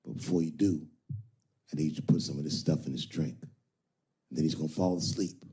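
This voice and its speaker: A scheming pimp laying out a plan in a low, steady, commanding voice, as a man acts him out. It sits well below the comic's own, measured and hard. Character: scheming, cold male pimp boss.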